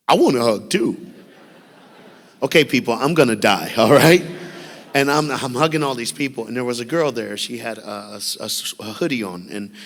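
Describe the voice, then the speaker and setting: A man giving an animated, folksy school assembly speech as a motivational speaker, telling stories and checking in with the crowd. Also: medium pitch. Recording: long hall reverb with faint music.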